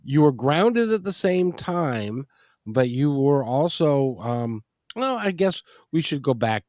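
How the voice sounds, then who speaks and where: Chatty rambling male radio host, lively pitch. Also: takes it slowly, no room sound, clean studio sound. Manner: folksy, rambling with restarts. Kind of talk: casual interview chat.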